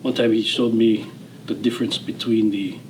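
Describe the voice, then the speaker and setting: A man of around sixty with a Hawaiian Pidgin-tinged accent, telling his story as a guest in a relaxed, rambling way, with fillers and restarts. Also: lowish voice, moderate pace, slight background noise, rough recording. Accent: Hawaiian Pidgin-tinged English. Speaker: interview guest, retired general. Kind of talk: casual storytelling interview.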